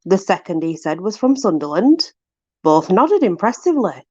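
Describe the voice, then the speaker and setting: A woman's voice: lowish voice, sing-song, normal speed, darkish tone, husky, dry recording, dull audio. A woman casually reading aloud from a book to her viewers, amused and puzzled, laughing often. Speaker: vlogger.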